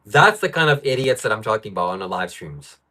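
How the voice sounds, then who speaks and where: A man's voice: on the low side, big pitch swings, fast talker, pushed and bright. A man hosting a live stream from home, reading out viewer comments and ranting about them in frustration. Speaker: livestream host. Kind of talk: livestream talk.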